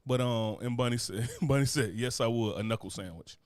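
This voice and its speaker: A man's voice: mid-range voice, brisk, clear, resonant tone, dry recording. A man co-hosting a casual chat show, talking animatedly and profanely, joking and reading comments from the chat aloud. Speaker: podcast co-host.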